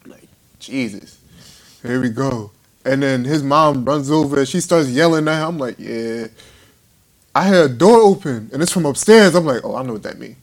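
A man's voice: mid-range voice, normal speed. A young man casually telling a funny story to friends, laughing often and acting out what others said. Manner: animated, laughing, acts out voices of others.

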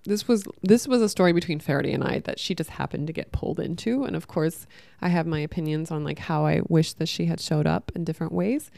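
A woman's voice: low voice, quick pace, gravelly, warm tone, dry recording. A young woman telling a personal story to camera, emotional and rambling, full of restarts and quoted dialogue, recorded at home. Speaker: vlogger.

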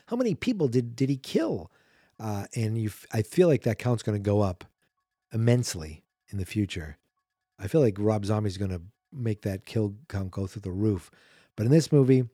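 Male podcast host, dry close mic, mellow tone, loose self-correcting movie recap. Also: lowish voice, dry recording. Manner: rambling, chatty, self-correcting. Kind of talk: casual movie recap commentary.

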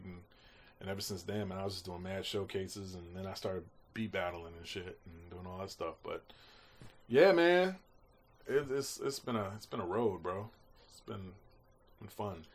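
A deep-voiced man at a moderate pace tells stories in an interview, where he's a guest music producer. Animated and slangy, he acts out quotes and swears freely.

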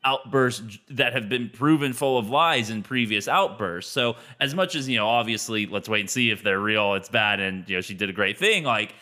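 A man's voice: lowish voice, lively intonation, moderate pace, hardly any pauses, sharp tone. A man co-hosting a podcast in casual chat, making wry joking asides. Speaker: podcast co-host.

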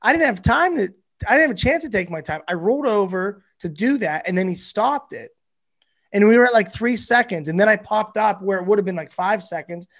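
Male comedian guest, high-pitched voice, animated and foul-mouthed storyteller. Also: brisk. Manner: animated, profane, rambling. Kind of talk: casual storytelling.

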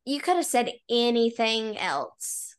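A chatty young woman with a fairly high voice co-hosts a book podcast. She talks emphatically and fills her sentences with "like". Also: sing-song, slow pace. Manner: chatty, emphatic, many "like" fillers. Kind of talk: casual chat.

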